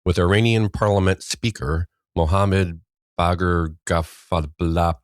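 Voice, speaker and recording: Podcast host guy, deep low voice, rambly and dry-humored, close dry mic. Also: fairly even intonation, unhurried, dry recording. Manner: rambling, wry, trails off mid-sentence. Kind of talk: casual news chat.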